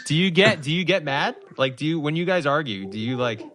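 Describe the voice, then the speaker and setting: A man's voice: fairly high pitch, lively intonation, a little fast, a bit bright, slight background noise. A man co-hosting a podcast, chatting and joking over a video call. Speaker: podcast co-host. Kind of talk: casual chat on a video call.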